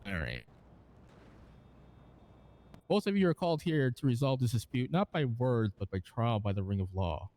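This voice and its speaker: A man's voice: mid-range voice, a little fast, few pauses, warm tone, low-quality recording. Man reciting a formal courtroom oath. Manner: formal, ceremonial oath delivery with small stumbles. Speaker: roleplay judge. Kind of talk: improvised courtroom roleplay.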